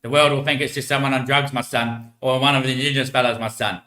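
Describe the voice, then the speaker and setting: A calm, fatherly male guiding spirit, put on by a man. He speaks with a bright, forward tone and calls the listener "my son". The voice rings in an echoey room. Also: mid-range voice, quick pace, natural voice. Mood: solemn. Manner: ends each sentence with "my son".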